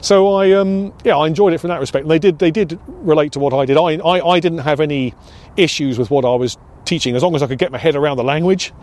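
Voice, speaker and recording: An older British man from the United Kingdom, once a pilot instructor, reminisces in an oral history interview. His voice is on the high side and darkish with a quick pace, and he's reflective, hesitating and restarting often.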